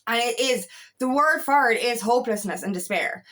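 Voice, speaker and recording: Woman coach, high voice, candid vlog monologue, swears freely. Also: moderate pace, a bit bright. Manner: frank and profane, tells stories with self-quotes. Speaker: feminine empowerment coach. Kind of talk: casual confessional vlog monologue.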